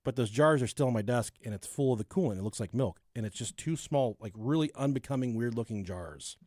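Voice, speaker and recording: A man's voice: mid-range voice, lively intonation, brisk, warm tone, no room sound, studio quality. A man co-hosting a podcast, telling a true-crime story and chatting casually, swearing and laughing at his own jokes. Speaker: podcast co-host.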